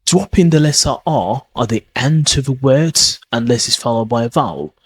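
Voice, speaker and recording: A man's voice: medium pitch, animated, normal speed, slightly rough. A man giving a podcast lesson on pronunciation, often restarting and checking in with "okay?". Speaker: pronunciation teacher.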